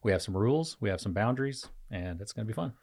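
A low, gravelly man co-hosting a podcast, chatting casually into a studio mic. He jokes around and laughs easily. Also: lively intonation, quick pace, darkish tone, no room sound. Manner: laughs often, joking and loose. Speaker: podcast co-host. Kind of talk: casual chat.

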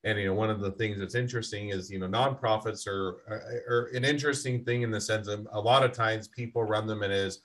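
A man's voice: on the low side, fairly even intonation, fairly quick, few pauses, a bit bright. A man hosting a podcast interview, talking in a thoughtful, rambling way with fillers. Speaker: podcast host. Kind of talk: interview conversation.

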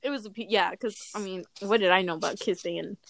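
A woman's voice: medium pitch, quick pace, creaky, no echo. A young woman telling funny school stories in a casual chat, swearing often and laughing between lines. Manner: laughing, profane, animated storytelling.

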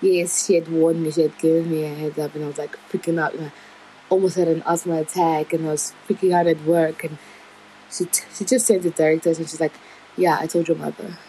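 A woman's voice: deep voice, little pitch movement, fast talker, mellow, a little hiss or hum, rough recording. A young woman telling a personal story in a candid, rambling, emotional way. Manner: candid, rambling, emotional retelling with nervous laughs.

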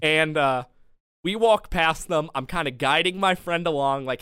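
A young man co-hosting a casual podcast, telling a rambling story with lots of laughs. His voice sits a little high and sounds smooth and clean. The close mic gives a dry, tight sound. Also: unhurried, no room sound. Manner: animated storyteller, often laughing. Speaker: podcast co-host. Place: home studio.

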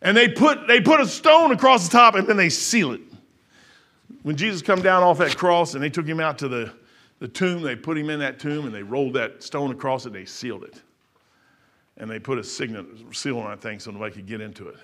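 Emphatic, folksy middle-aged preacher. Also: male voice, a little high, expressive, fairly quick. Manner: folksy, emphatic, repetitive, swinging between shouts and quiet asides. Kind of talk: sermon.

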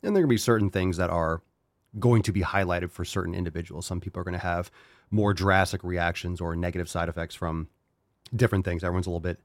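A man's voice: sits low, steady tone, quick pace, no echo. A man hosting a podcast, ranting and swearing in a worked-up, comic way. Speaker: podcast host. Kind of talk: ranting comedic podcast talk.

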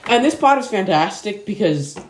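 A podcast co-host chatting casually, loose and excitable, swearing freely. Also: mid-range voice, normal speed, noisy background. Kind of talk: casual chat.

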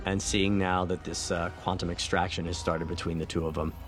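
A man, a film director, talking through his movie in a relaxed, reflective audio commentary, with many fillers and restarts. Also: sits low, a little fast. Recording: faint film soundtrack music underneath.

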